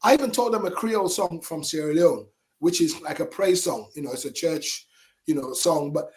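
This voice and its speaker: A middle-aged man, a singer and entertainer, telling stories as a radio guest in a lively, animated way with chuckles. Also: on the high side, moderate pace. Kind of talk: casual interview storytelling. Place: radio studio.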